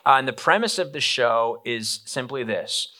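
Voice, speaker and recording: A man's voice: medium pitch, expressive, moderate pace, sharp tone. A man giving a casual, conversational sermon, acting out quoted lines as he goes.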